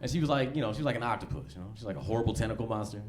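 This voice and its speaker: A man's voice: fairly low pitch, lively intonation, rapid-fire. A man in his thirties doing a stand-up set in a comedy club, talking loose and slangy. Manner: loose, slangy, conversational delivery. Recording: live club recording, background noise.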